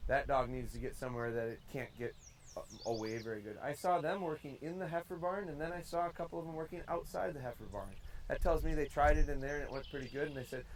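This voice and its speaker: A man's voice: fairly high pitch, fast, a little hiss or hum, rough recording. Folksy man giving dog training tips. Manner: folksy, demonstrating commands in varied tones. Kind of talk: outdoor training talk. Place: outdoors in a field.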